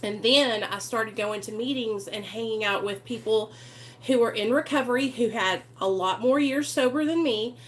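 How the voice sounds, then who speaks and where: A woman's voice: fairly high pitch, moderate pace, slight background noise. A woman hosting a live recovery stream, talking earnestly and chattily to her viewers and greeting them by name. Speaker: recovery channel host. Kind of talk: casual live-stream talk.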